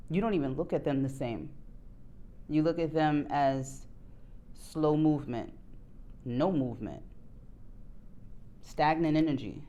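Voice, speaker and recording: A woman doing a casual tarot reading to her viewers, candid and profane, jumping between quiet low asides and loud excited outbursts. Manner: candid, swears freely, bursts into laughs. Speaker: tarot reader.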